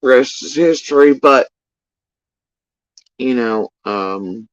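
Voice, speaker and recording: A man telling a story in casual livestream talk, rambling and swearing, with sudden high bursts when he quotes people. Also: takes it slowly, no echo, dull audio. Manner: profane, rambling, animated when quoting others. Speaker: livestream talker.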